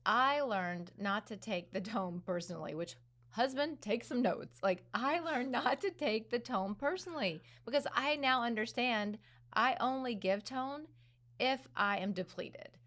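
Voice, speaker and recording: A woman's voice: fairly high pitch, animated, a little slow, fairly bright tone. A middle-aged woman co-hosting a casual conversation, chatty and self-deprecating, laughing often. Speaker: podcast co-host, daughter-in-law.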